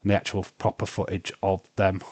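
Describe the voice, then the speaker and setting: Guy hosting a stream, bantering with chat, kinda low voice, no room echo. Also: monotone, brisk, a little mellow, breathy edge. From Britain. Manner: bantering, argumentative, laughs often. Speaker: livestream host. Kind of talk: casual livestream chat.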